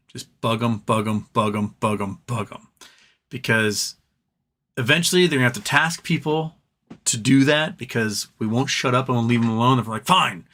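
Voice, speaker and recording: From his home, a man hosts a live stream, chatting casually, responding to viewer comments, and drifting off into rambles. His voice is medium-pitched with a sharp tone.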